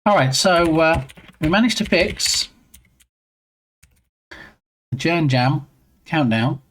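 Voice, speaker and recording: A man's voice: on the high side, lively intonation, slow, a bit bright. A man streaming live and chatting casually with his viewers in a rambling way, greeting them by name.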